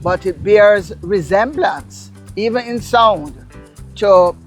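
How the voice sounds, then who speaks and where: A woman from Jamaica with a Jamaican accent, a guest explaining local words in a casual interview, telling stories in an animated, emphatic way. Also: medium pitch, slow pace, soft background music. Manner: animated storyteller, lively and emphatic.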